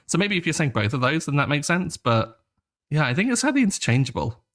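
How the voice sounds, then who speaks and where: A man co-hosting a podcast, explaining things in relaxed, wry casual chat. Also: on the high side, fast. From England. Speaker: podcast co-host.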